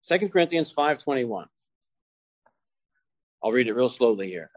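A man preaching a sermon to his congregation, slowing down and stressing key phrases as he quotes scripture. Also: mid-range voice, sing-song, no echo.

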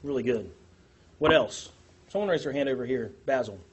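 A man leading a church class discussion, asking the group questions in an animated, self-deprecating way. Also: medium pitch, normal speed, noisy background.

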